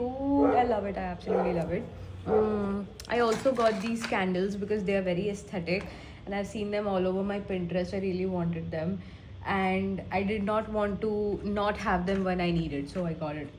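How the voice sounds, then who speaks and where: A woman's voice: mid-range voice, noisy background. A young woman with an Indian accent, congested from a cold, chatting casually in a vlog and slipping into Hindi phrases. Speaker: vlogger.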